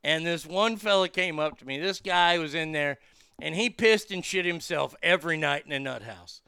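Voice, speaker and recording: Gravelly, profane man telling stories. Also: on the high side, moderate pace, no echo, studio quality. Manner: animated, profane, lots of fillers and restarts. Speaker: comedian and podcast guest. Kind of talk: casual storytelling.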